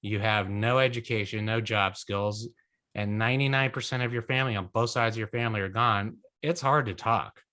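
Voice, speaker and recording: A man's voice: on the low side, brisk, pushed and bright. Earnest, reflective middle-aged man. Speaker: guest speaker, son of a survivor. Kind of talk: online talk Q&A.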